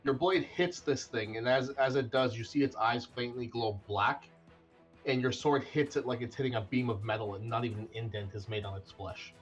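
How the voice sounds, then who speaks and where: A man's voice: medium pitch, moderate pace, faint music behind. A man game-mastering a tabletop game with many "uh" restarts. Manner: descriptive, with frequent "uh" restarts. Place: home streaming setup.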